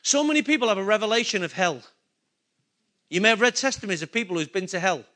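A man's voice: high-pitched, animated, fast, sharp tone. A male pastor preaching a sermon, emphatic and full of rhetorical questions to his congregation.

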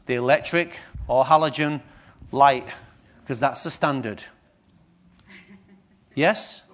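A man's voice: mid-range voice, takes it slowly. A man preaching a sermon, questioning his congregation as he goes.

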